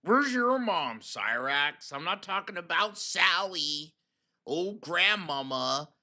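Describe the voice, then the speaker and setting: A man's voice: high-pitched, very animated, slow, sharp tone. A man hosting a reaction stream, mocking a clip in profane, laid-back slang. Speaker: host commentator.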